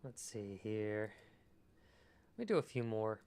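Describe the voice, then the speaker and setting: A man's voice: fairly low pitch, expressive, unhurried, darkish tone, smooth. A man streaming his screenwriting work in casual chat, reading out viewers' messages and answering them thoughtfully. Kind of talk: casual livestream chat while writing.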